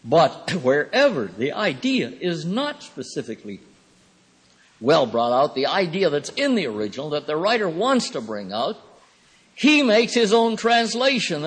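Husky, high-voiced man lecturing in a hall. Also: big pitch swings, fairly bright tone. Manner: rambling, thoughtful, with many pauses and fillers. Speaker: Bible teacher. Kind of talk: classroom lecture. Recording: reverberant hall recording.

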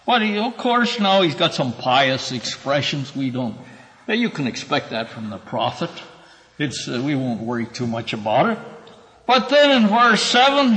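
A man's voice: mid-range voice, very animated, unhurried, sharp tone, in a large hall, rough recording. A man teaching a Bible class, explaining scripture verse by verse and calling on students by name. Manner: earnest, emphatic when quoting scripture.

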